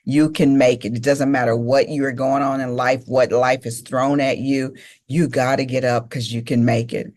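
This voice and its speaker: A woman's voice: a bass voice, flat delivery, normal speed, darkish tone. A middle-aged woman giving a motivational speech, telling her life story emphatically and speaking straight to the audience. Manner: emphatic, repeats key phrases, addresses audience directly.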